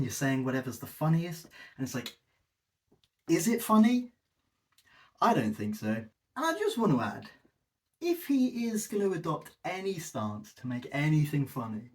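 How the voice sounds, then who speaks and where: A man hosting a video essay, giving a sarcastic, exasperated critique with mocking asides. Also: medium pitch. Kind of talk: scripted-ish critical commentary.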